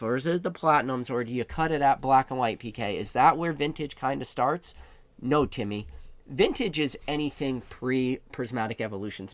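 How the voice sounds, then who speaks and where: A man's voice: medium pitch, fairly bright tone, no echo. A young man hosting a trading card investing channel, ranting sarcastically and firing off mocking rhetorical questions. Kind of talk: ranting monologue.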